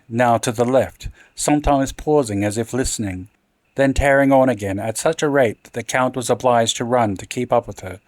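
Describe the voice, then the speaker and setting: A man's voice: medium pitch, no room sound. Dramatic male storyteller, dry close sound. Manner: dramatic, expressive reading. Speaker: narrator. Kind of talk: storybook horror narration.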